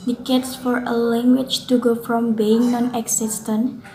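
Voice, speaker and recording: Young woman, Indonesian accent, student presenter, earnest and a little halting, high mellow voice, echoey room. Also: little pitch movement. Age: young adult. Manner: earnest, with occasional slips and self-corrections. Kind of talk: reading a prepared class reflection. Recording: roomy, with faint noise.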